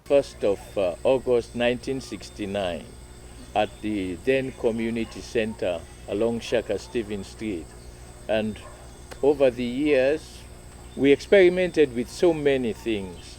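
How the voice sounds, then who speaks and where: A man's voice: medium pitch, a little mellow. A man reminiscing in an interview about his years as a drummer and singer. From Sierra Leone. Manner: halting, with restarts. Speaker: interviewee, musician.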